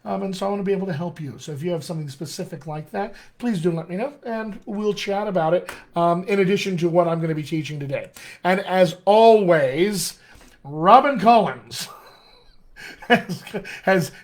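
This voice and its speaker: An American dialect coach with a high, brisk voice teaches casually on a live stream. He chats with viewers, greets them by name, and leans heavily on filler words.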